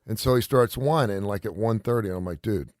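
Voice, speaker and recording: A man's voice: fairly low pitch, fast, a little mellow, no room sound, clean studio sound. A middle-aged man hosting a radio show, casually telling a long rambling story and acting out the quotes. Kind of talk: casual chat.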